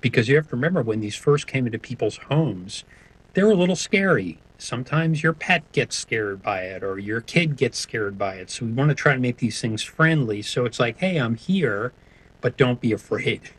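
A man's voice: medium pitch, expressive, brisk, husky, rough recording. A man speaking as a guest in an interview, answering in a hesitant way with many restarts. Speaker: sonic branding guest.

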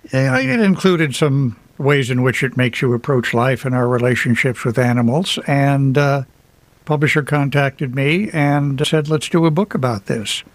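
A man speaks as an author guest on a radio interview. He tells personal stories in a reflective way with touches of humor. His voice sits in a middle register and sounds dry and close, with no room echo. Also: mid-range voice. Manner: reflective, anecdotal, light humor with laughs. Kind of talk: radio interview, casual storytelling.

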